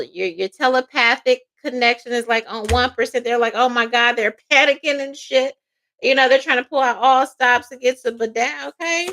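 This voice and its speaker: A woman giving a casual tarot reading, loud, profane and laughing often, slipping into playful quoted voices. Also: on the high side. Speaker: tarot reader.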